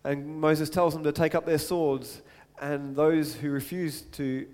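A man's voice: fairly high pitch, fairly even intonation, measured pace, darkish tone, big-room sound. A man preaching a sermon in a conversational way, stopping for asides and acting out the quotes he reads.

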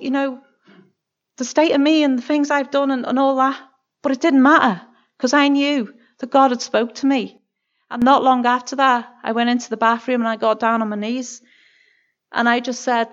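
A woman with a Northern Irish accent shares her personal testimony in a slightly high voice, earnest and emotional, breaking off and restarting her sentences. The recording is dull and lo-fi. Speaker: church member giving testimony. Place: church.

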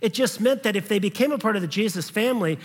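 Male pastor, high husky voice, chatty sermon delivery, big reverberant hall sound. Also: expressive, fast talker. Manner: conversational preaching, checks in with the congregation; acts out quoted voices in passing.

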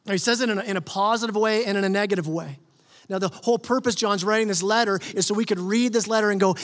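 Male pastor, higher voice, earnest conversational sermon, echoing church hall. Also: quick pace, a bit bright. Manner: earnest, conversational preaching with repeated restarts. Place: church sanctuary.

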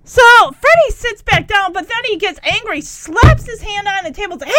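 A woman's voice: extremely high pitch, very animated, moderate pace, fairly bright tone. A woman giving a chatty, giggly recap and review of a TV episode, with frequent fillers.

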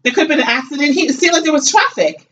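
A woman's voice: sits high, lively intonation, rapid-fire, a bit bright. A woman co-hosting a podcast, talking bluntly and profanely with lots of slang. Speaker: podcast co-host. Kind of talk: casual chat recapping a reality show. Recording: distant, dull lo-fi mic.

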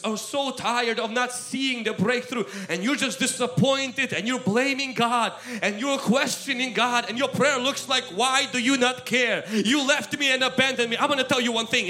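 Impassioned high-voiced male preacher, echoey room. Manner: impassioned, swings between loud exhortation and quiet asides. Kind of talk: sermon. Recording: roomy echo.

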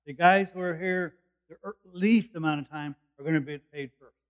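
A man's voice: a little high, normal speed, clean tone. A man preaching a sermon, explaining a passage verse by verse in plain, conversational words. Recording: dull lo-fi recording.

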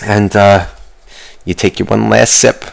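A man's voice: on the low side, fairly even intonation, unhurried, creaky, low-quality recording. A man giving a rambling comic rant. He swears freely and muses aloud, with many restarts. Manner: rambling, profane, musing aloud. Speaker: vlogger.

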